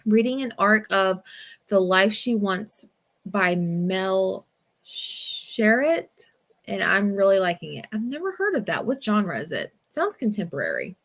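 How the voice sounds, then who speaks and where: Chatting and storytelling on her casual book-club livestream, this young adult woman rambles with many fillers. Her mid-range, slightly bright voice swings widely in pitch and stays unhurried.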